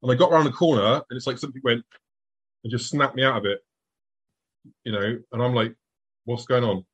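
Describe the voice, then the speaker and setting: Husky man telling a tense story. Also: medium pitch, a little fast, dull audio. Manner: animated, acts out his own past thoughts in a hushed voice. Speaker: speaker telling a personal encounter story. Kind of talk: live storytelling to an audience.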